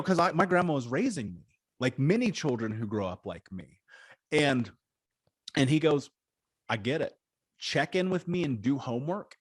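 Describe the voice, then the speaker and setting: A man in his thirties from Indiana, a guest in an interview, telling his life story in an animated, slangy way with some swearing. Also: mid-range voice, no echo, studio quality. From Indiana, USA.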